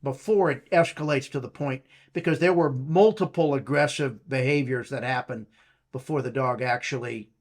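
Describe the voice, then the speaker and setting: A man's voice: medium pitch, normal speed. A man hosting an interview, summing up his guest's points with hesitant fillers and restarts. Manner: hesitant, rephrasing questions with fillers. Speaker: interview host. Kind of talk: conversational interview.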